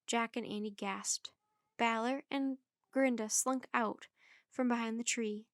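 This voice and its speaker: A woman reading a children's chapter book aloud in a clear, measured storytelling manner. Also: on the high side, steady tone, no echo, studio quality.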